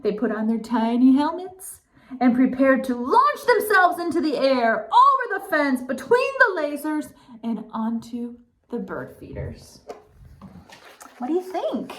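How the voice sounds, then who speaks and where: This woman's reading of a children's picture book is high, a bit bright, and sing-song, swooping up and down at a measured pace. She sometimes stops to talk playfully with her young audience.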